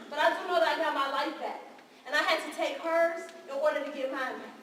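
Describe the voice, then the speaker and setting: A woman's voice: sits high, brisk, fairly bright tone, slight background noise. An actress playing a wounded, defiant young woman who confesses to her counselor on a live stage, talking raw and confrontational. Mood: unhinged, defiant. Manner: raw and confrontational, with bursts of bitter laughter. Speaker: stage actor. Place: theater stage. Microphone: distant room mic. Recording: echoey hall from far off.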